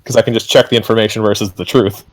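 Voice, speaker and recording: A man's voice: lowish voice, fairly even intonation, racing, poor audio. Man thinking aloud as a player. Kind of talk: casual chat at the game table.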